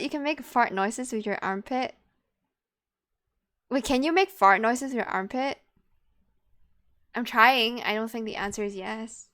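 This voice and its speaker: A woman's voice: a little high, unhurried, pauses often, fairly bright tone. Playful giggly woman streamer. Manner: playful, giggly, chatting to viewers. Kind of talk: casual live-stream chat.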